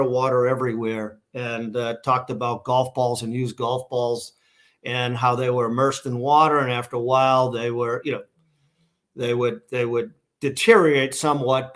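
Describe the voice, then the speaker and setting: A man's voice: medium pitch, fairly bright tone. Boston man telling a rambling story. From Massachusetts, USA. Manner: rambling, many restarts and fillers. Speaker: guest, shoe company founder. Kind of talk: casual storytelling interview.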